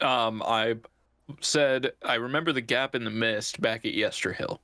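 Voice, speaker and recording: A man's voice: mid-range voice, normal speed, bright, forceful tone, no echo, clean studio sound. Easygoing, laughing man at a game table. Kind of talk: casual chat at a tabletop game.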